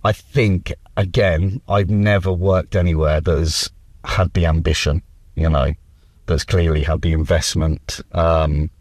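A man with a very low voice chats easily about his working day, filling pauses with ums. He sounds picked up from a distance, and the sound is dry. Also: no room sound. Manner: chatty, relaxed, frequent ums. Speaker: club kitchen staff being interviewed. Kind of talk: casual interview chat.

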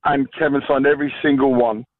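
A man's voice: mid-range voice, steady tone, brisk, no room sound. Irish man on a tinny phone line. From Ireland. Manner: rambling, many fillers. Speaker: caller. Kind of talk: phone-in anecdote.

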